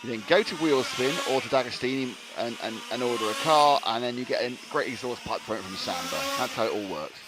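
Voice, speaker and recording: A man's voice: medium pitch, animated, fast, hardly any pauses, heavy background noise. A man giving live commentary on a model car race, joking and rambling between calls. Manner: jokey, self-deprecating, rambling asides.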